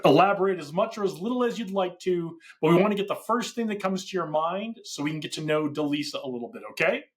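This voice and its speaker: A man hosting a podcast interview, asking reflective questions and then running a quick question game with upbeat energy. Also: high voice, lively intonation. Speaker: podcast host. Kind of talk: conversational interview.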